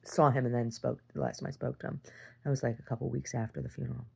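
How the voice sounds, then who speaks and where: A woman recording a personal video diary, telling a story in a rambling way and rising in pitch as she relives a fight. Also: fairly even intonation, fast talker, creaky, mellow, slightly rough. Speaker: video diarist.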